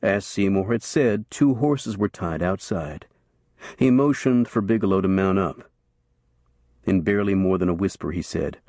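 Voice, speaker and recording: A man narrating a western novel as an audiobook in a steady, measured storytelling voice. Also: low-pitched, no echo, clean studio sound.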